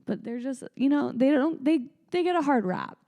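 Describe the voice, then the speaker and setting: A woman's voice: high voice, normal speed, gravelly. A young woman from Canada co-hosting a podcast, telling stories in a casual, blunt and joking way. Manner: animated storytelling, blunt and joking. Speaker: podcast co-host. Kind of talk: casual chat.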